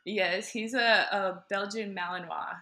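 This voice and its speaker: Woman, 30s, crisp bright tone, rambling, giggly, casual podcast guest. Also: medium pitch, steady tone, measured pace. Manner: rambling, giggly, many fillers. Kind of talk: casual chat.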